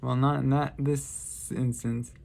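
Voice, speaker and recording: A man's voice: mid-range voice, flat delivery, slow pace, gravelly, darkish tone. A man vlogging, telling casual stories in a rambling, lighthearted way and often correcting himself. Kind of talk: casual storytelling monologue.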